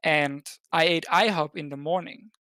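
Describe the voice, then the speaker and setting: A man's voice: a little high, fairly even intonation, normal speed, sharp tone, no echo. A man from Denmark, a podcast guest, telling a long story in a casual chat, full of fillers and restarts. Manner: rambling, with many fillers and restarts. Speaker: podcast guest, esports caster.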